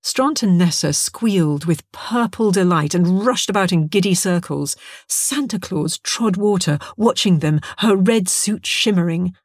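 A woman narrating an audiobook in an expressive, storytelling way. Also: lowish voice, measured pace, no room sound, studio quality. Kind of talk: scripted narration.

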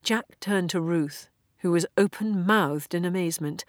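A woman narrating an audiobook in a measured, expressive storytelling voice. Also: lowish voice, no room sound, clean studio sound. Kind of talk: audiobook reading.

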